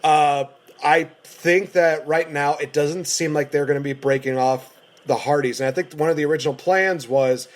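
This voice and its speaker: Male co-host, fairly high voice, excitable casual wrestling chatter. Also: normal speed. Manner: excited, laughing, playful impressions. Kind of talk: casual chat.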